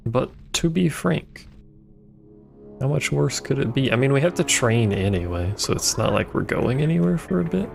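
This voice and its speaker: Gravelly man rambling over gameplay. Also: medium pitch, expressive, normal speed, soft background music. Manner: rambling, playful asides. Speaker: game streamer. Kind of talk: casual gameplay commentary.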